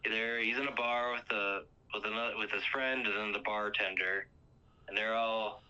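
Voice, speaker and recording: In a muffled, lo-fi recording, a man hosts a laid-back podcast recapping a movie, wandering off track and leaning on um and uh. His voice is on the low side, smooth, pushed and bright, with a steady tone at normal speed.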